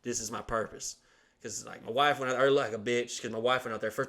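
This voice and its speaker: A man's voice: medium pitch, steady tone, fast talker, fairly bright tone. A young man hosting a podcast, telling a crude, rambling story in a casual, profane way and acting out the quotes. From Southern United States. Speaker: podcast host.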